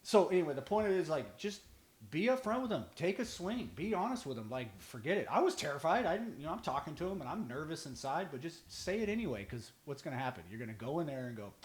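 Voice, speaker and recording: A man's voice: on the high side, very animated, quick pace, roomy sound. A man telling stories in a casual podcast chat, acting out both sides of each conversation. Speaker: band drummer, podcast regular.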